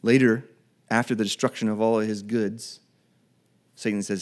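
A man's voice: fairly low pitch, steady tone. Conversational male preacher. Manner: conversational, acts out Bible dialogue in quick voices. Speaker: pastor. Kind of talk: sermon.

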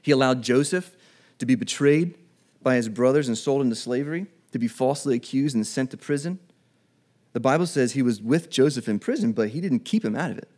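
A man preaching a sermon in a conversational way, acting out Bible dialogue in quick everyday voices. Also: mid-range voice, expressive, darkish tone. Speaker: pastor.

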